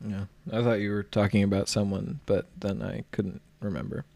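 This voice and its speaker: A laid-back man co-hosting a podcast, trading dry jokes in easy casual chat. His voice sits low, and the close mic gives a dry sound. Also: level tone, moderate pace, vocal fry, mellow, no echo. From United States. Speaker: podcast co-host.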